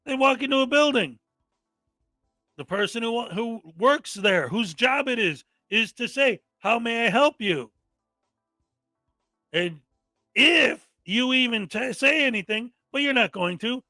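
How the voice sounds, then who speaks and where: A man with a very high, sharply bright voice hosts a reaction commentary, exasperated and mocking as he rants. His sound is dry and close, with faint music underneath. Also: animated, unhurried, pauses often, dry recording. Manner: exasperated, mocking, often mimics people angrily. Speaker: commentary host.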